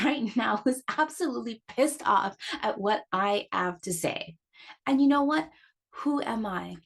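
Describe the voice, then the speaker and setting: A middle-aged woman talks straight into her podcast as its astrologer host, in a frank, heated monologue. Her voice leaps upward on stressed words, and she often breaks off and restarts a phrase. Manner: impassioned and emphatic, with sharp rises in pitch; frank and cursing, with repeated restarts.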